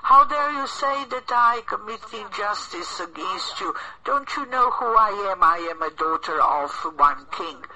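A man's voice: high-pitched, lively intonation, unhurried, hardly any pauses, sharp tone, exaggerated voice, rough recording. A man preaching a sermon voices a haughty, furious French princess as she scolds her servant. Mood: indignant. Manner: indignant, demanding.

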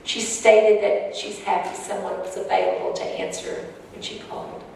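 Woman sharing her testimony, earnest and emotional, kinda raspy fry, far from the mic. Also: medium pitch, big pitch swings, moderate pace, a little mellow. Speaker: speaker sharing personal testimony. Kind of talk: personal testimony talk to an audience. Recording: echoey hall from far off, faint noise.

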